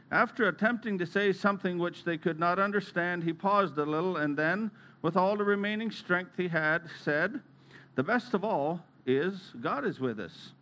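A man preacher giving a slow, reverent devotional reading with brief asides. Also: high voice, a bit bright, slight background noise.

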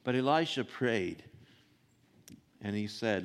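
Slow-speaking preacher in a reverberant hall. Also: male voice, fairly low pitch, clear, resonant tone. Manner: unhurried, rhetorical questions, soft asides. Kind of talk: sermon reading and expounding scripture.

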